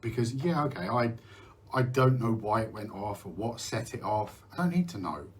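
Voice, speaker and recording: A man's voice: fairly low pitch, expressive, normal speed. A middle-aged man from the UK hosting a candid live talk about mental health, rambling, restarting sentences and swearing now and then. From United Kingdom. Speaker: host.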